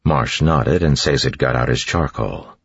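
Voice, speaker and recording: A man reading a novel aloud as an audiobook narrator, in a steady, even way, with a dull, dry studio sound. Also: very deep voice, a little slow, slightly rough, dry recording. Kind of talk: scripted narration.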